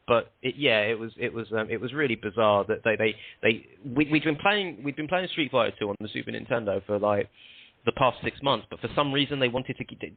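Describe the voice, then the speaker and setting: A man appears as a guest on a show, telling rambling anecdotes full of restarts in a casual interview. His voice sits on the low side. The line is dry with no echo, sounding tinny like a phone.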